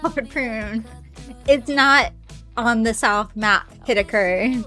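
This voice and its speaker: A fairly high-pitched woman chats loosely with her stream while she plays, excitable and swearing freely. She breaks into squealing greetings for viewers, and soft game music plays behind her. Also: slow pace. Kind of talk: casual live-stream chat with viewers.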